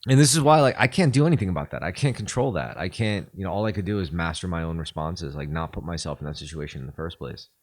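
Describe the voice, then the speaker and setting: A man with a very low voice, hosting a podcast in loose, rambling conversation. He swears freely and fills his sentences with "like" and "you know". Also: animated, fast, hardly any pauses. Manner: casual and profane, rambling with lots of fillers. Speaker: podcast host. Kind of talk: casual podcast chat.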